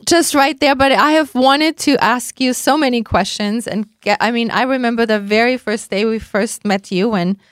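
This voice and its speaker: Chatty woman host, bright pitch, dry studio. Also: normal speed, hardly any pauses, dry recording. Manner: chatty, laughs often, enthusiastic. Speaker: podcast co-host. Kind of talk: casual podcast interview. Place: podcast studio.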